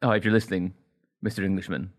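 A man's voice: deep voice, fairly even intonation, quick pace. A man with a Scottish accent hosting a podcast with dry, jokey banter. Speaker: podcast host. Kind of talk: casual chat.

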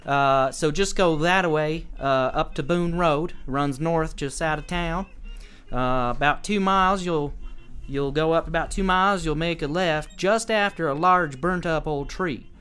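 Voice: medium pitch, a little slow, fairly bright tone, smooth, faint music behind, natural voice. A game master voicing a wary, folksy small-town woman who drawls and hesitates through fillers. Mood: welcoming.

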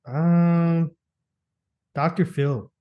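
A man's voice: fairly high pitch, fairly even intonation, drawn-out words, muffled recording. A young man co-hosting a podcast, swearing, joking and laughing through casual banter. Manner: profane, jokey, laughs often. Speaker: podcast co-host.

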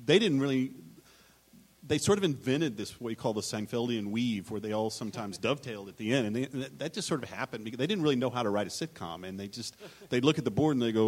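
A man's voice: medium pitch, expressive, fast, darkish tone, breathy edge. A man on a live writers' panel, telling anecdotes in a rambling, self-interrupting way and acting out quotes.

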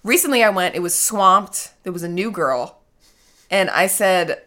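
A woman's voice: fairly low pitch, moderate pace, fairly bright tone. A young woman co-hosting a podcast in casual chat, teasing playfully and laughing often. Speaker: podcast co-host.

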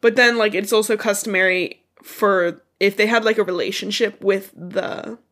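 A woman's voice: mid-range voice, steady tone, moderate pace, fairly bright tone. Congested woman casually retelling a book. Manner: chatty, loose retelling with swearing and asides. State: congested, stuffy nose. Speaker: podcast co-host.

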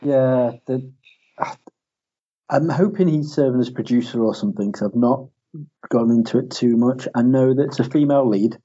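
Husky, mellow-voiced man, eager chat. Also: medium pitch, normal speed. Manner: enthusiastic, stumbling repeats. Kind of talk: casual chat about films and games. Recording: dull lo-fi recording.

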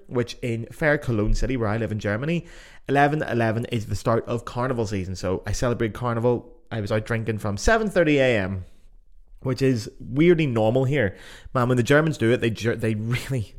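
An Irish man hosting his own podcast in casual, chatty talk, jokey and sprinkled with swearing. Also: medium pitch. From Ireland. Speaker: podcast host. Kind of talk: casual solo podcast chat. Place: home in Germany.

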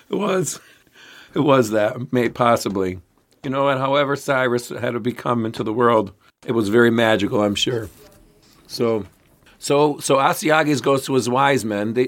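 A man co-hosting a history podcast, talking casually at a middle pitch. He rambles and restarts his sentences as he tells the story, in an easygoing chatty way. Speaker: podcast co-host.

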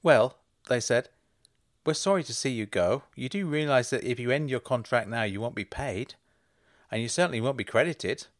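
Dry, deadpan man telling a story. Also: medium pitch, moderate pace, no echo. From England. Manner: dry, deadpan delivery with mock indignation. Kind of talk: comic storytelling monologue.

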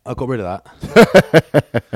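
A man's voice: medium pitch, very animated, takes it slowly. A man in his forties co-hosting a podcast, telling rambling, self-mocking anecdotes in casual chat. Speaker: podcast co-host.

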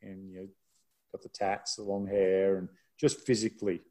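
A man's voice: low voice, little pitch movement, moderate pace, mellow. Male rugby commentator, chatty storyteller, self-deprecating, casual podcast tone. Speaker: rugby broadcaster.

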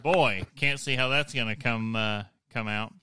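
A man with a bright, crisp voice hosts a casual podcast, reading history notes and cutting in with quick jokes and laughs. The sound is dry and close. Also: medium pitch, dry recording. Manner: laughs often, reads then jokes aside. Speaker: podcast host.

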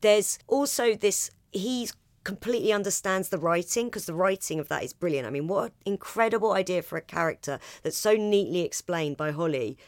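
Woman, podcast guest, animated chat, lowish voice, dry close mic. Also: fairly quick, no echo. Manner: animated, acts out lines in voices.

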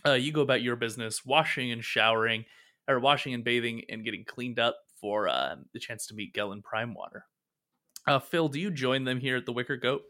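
A man narrates as game master of a tabletop game, his voice bright and forward. He rambles loosely, filling pauses with ums and uhs as he describes the scene. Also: mid-range voice. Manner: rambling, many fillers, laughs often.

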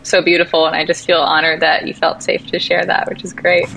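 A woman talking casually as a podcast guest, animated, acting out quoted voices as she tells stories. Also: lowish voice, brisk, gravelly, poor audio. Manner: animated storyteller, acts out quotes. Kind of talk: casual conversation.

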